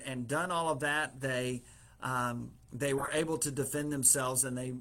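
A man's voice: mid-range voice, pushed and bright. A man preaching in a casual way, retelling a story through quoted dialogue with fillers and small chuckles.

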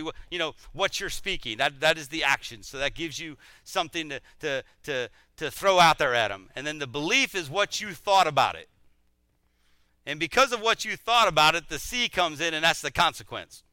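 A middle-aged man teaches a sermon in a relaxed, conversational way, poking fun at himself and stumbling over repeated words. His voice is very bright and smooth, sitting a little high for a man. The sound is close and dry. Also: no room sound. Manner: conversational, animated, self-deprecating, repeats words.

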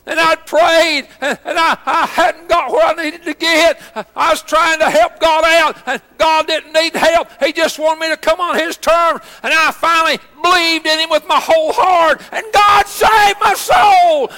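A man preaching a sermon as pastor, shouting in bursts and halting with frequent "uh"s. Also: extremely high pitch, level tone, big-room sound. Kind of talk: Pentecostal-style shouted sermon.

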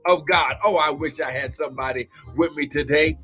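A man preaching and praying fervently in a live-streamed sermon, often shouting and whooping and breaking into tongues. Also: a little high, brisk, hardly any pauses, breathy edge, faint music behind.

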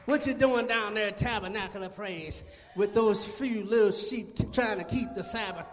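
A man's voice: high voice, normal speed, pitched below the performer's own voice, natural voice. A male preacher voicing a jealous, mocking older brother who belittles his younger sibling. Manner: sneering, belittling. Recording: long church-hall reverb.

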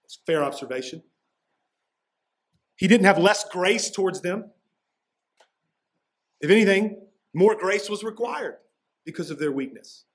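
A man's voice: sits high, expressive, measured pace, long pauses. A man preaching a sermon as pastor, walking through a passage in a casual, conversational way with slangy asides.

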